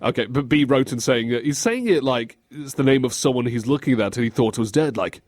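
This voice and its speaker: Clean studio sound with no room echo captures a medium-pitched man co-hosting a radio show from the studio desk. He talks quickly with hardly any pauses, giggling and animatedly acting out quotes in casual on-air conversation.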